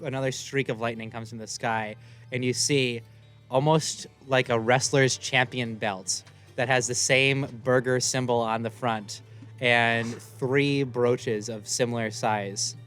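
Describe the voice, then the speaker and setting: A man's voice: medium pitch, fairly even intonation, a little slow, a bit bright, faint music behind. A man running a tabletop game as game master, narrating in a playful, rambling way and laughing often.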